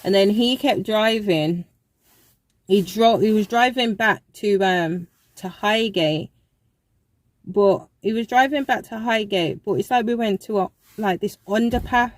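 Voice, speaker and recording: A woman's voice: medium pitch, takes it slowly, poor audio. A young woman telling a casual storytime in a chatty, rambling way, full of fillers. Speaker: vlogger.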